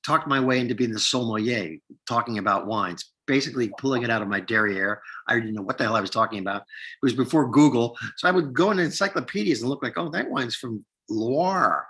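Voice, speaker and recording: A man in his sixties from upstate New York, an actor telling lively stories from his career in a casual interview, acting out the lines of people he quotes. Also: mid-range voice, quick pace, husky. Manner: animated storyteller, acts out quoted lines, many restarts. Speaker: actor guest.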